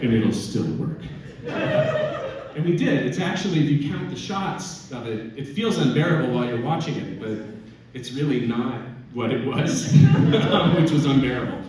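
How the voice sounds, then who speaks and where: A man's voice: mid-range voice, moderate pace. Man telling a story in an echoey hall. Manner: lively storyteller, often laughing through his words. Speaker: filmmaker answering audience questions. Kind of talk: animated anecdote at a live Q&A. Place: event hall with an audience. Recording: echoey hall from far off, loud noise.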